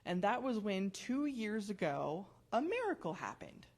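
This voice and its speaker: A woman in her forties giving a personal testimony at church, telling her story in a chatty, animated way. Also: mid-range voice, measured pace.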